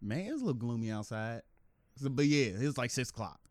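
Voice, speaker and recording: A man telling a story animatedly in casual podcast chat, laughing and acting out quotes in a higher voice. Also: fast, no room sound, studio quality. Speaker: podcast co-host.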